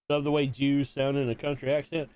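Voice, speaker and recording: A man's voice: mid-range voice, vocal fry, a little mellow. A man from Mississippi, chatting casually to viewers while hosting a live-stream watch party, rambling and repeating himself.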